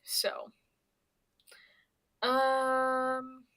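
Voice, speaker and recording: A woman's voice: high-pitched, monotone, very slow, sharp tone. A young woman from Pennsylvania chatting casually on her stream, rambling and swearing, with lots of stammered restarts. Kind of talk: casual chat.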